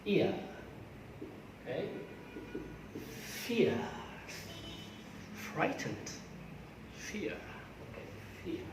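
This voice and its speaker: A man with an Algerian accent teaches English sounds to a class, drawing out each word and repeating it again and again. His voice is fairly high and swoops up and down with lively pitch. He is recorded from far off in an echoey classroom. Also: noisy background. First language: Arabic. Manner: slow, repetitive, drills words aloud. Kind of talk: classroom pronunciation lesson.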